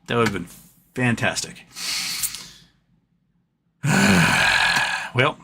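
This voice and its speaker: A man's voice: medium pitch, very animated, drawn-out words, vocal fry, sharp tone, slightly rough. A man hosting a livestream from his home office, venting in frustration with swearing and frequent stumbling restarts. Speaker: livestream host.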